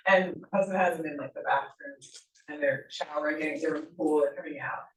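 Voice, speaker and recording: A woman's voice: sits low, a little fast, slight background noise. Woman telling a funny story, laughs a lot, sounds far from the mic in an echoey room. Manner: laughs often, animated storytelling. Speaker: workshop attendee. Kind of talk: casual chat. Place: event room. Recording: roomy echo, distant mic.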